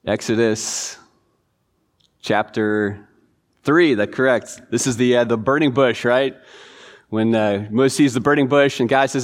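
A man teaching a church Bible class in a relaxed, informal way, reading verses and quizzing listeners. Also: medium pitch, unhurried. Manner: informal, chatty, quizzing the audience. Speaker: pastor.

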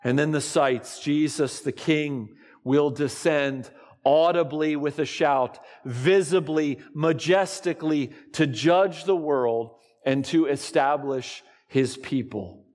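Male pastor, sermon, unhurried delivery, slightly raised pitch, long hall reverb. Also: darkish tone. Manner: slow, deliberate preaching with dramatic pauses.

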